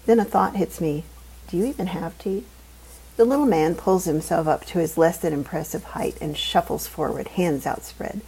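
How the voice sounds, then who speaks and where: Husky-voiced woman narrating wryly. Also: on the low side, normal speed, rough recording. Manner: wry, deadpan humor. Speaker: audiobook narrator. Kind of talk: first-person scripted narration.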